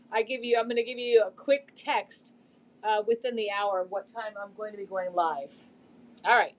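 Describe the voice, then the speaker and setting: A middle-aged woman chatting casually on a live stream about a thrift find, rambling a little with lots of fillers. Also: a little high.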